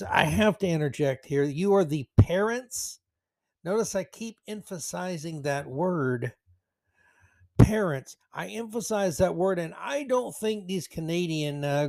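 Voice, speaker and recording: A man's voice: fairly high pitch, a little mellow. A man hosting a solo opinion podcast, ranting sarcastically and hammering his key words. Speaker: podcast host.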